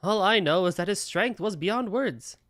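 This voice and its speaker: A man reading aloud the lines of a grieving young male bard prince from on-screen game text, in a fairly plain voice that swings lively in pitch. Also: normal speed, no room sound, clean studio sound. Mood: mournful. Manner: reads game text aloud, shouting names. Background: faint guitar game music.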